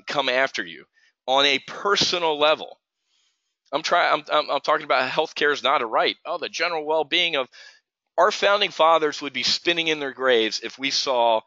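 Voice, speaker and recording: Speaking a little high with a sharp edge, a middle-aged trading-stream host launches into a heated, casual rant, tripping over his words and starting over repeatedly. The recording is dry, dull lo-fi stream sound.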